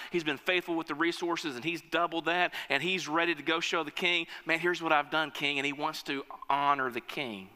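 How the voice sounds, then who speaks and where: A man's voice: a little high, pushed and bright, smooth, in a large hall. A man preaching a sermon, emphatic, telling a story and calling on his listeners. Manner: emphatic, storytelling, calls on the congregation.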